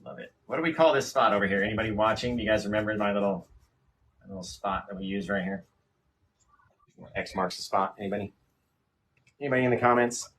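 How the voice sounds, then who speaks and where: A man hosting a live painting stream, chatting casually and joking while he paints, often trailing off into quiet mumbles. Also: lowish voice, quick pace, long pauses, a little hiss or hum, low-quality recording.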